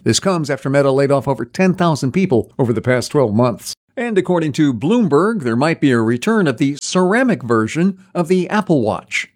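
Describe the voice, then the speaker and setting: A man's voice: fairly high pitch, big pitch swings, brisk, hardly any pauses, darkish tone. Male radio news anchor. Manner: crisp, scripted.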